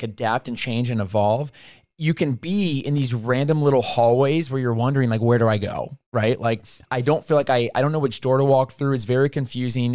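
A man's voice: mid-range voice, darkish tone, no room sound, clean studio sound. A young man co-hosting a casual faith podcast, talking in a laid-back, playful and reflective way. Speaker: podcast co-host.

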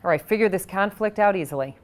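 A woman leading a guided tapping session, speaking in a calm, measured way and guiding the breathing with audible sighs. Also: mid-range voice.

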